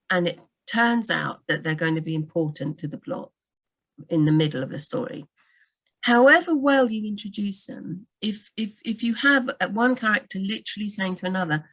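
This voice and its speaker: A woman working as a book doctor, giving writing advice in a live Q&A over a video call, animated and full of quick asides and restarts. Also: medium pitch.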